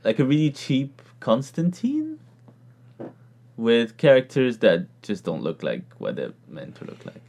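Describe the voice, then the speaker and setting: Man, casual chat, lively rising and falling voice, rambling, laughs a lot. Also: mid-range voice, a little slow. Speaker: podcast co-host.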